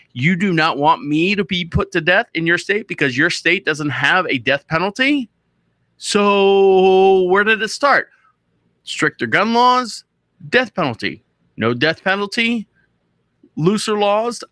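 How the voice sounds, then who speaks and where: Male talk-show host, bright tense voice, rambling self-interrupting monologue. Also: sits high, no echo. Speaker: podcast host. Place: radio studio.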